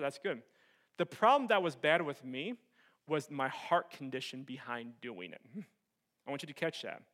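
A young man preaching a sermon as pastor, telling a personal story with animated swings from loud excitement to soft earnest tones. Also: a little high.

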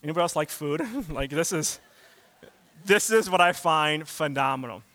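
A male pastor preaching a sermon in a casual, conversational way with slang asides, moving between loud emphatic bursts and quiet reflective stretches. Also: fairly high pitch, normal speed, dry recording.

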